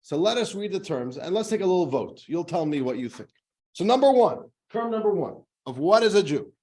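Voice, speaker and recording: A man, a rabbi, giving a casual lecture to a class, chatty and joking, his pitch jumping up to stress points. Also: big pitch swings, fairly quick, a little mellow. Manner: chatty, jokey, pitch jumps up for emphasis.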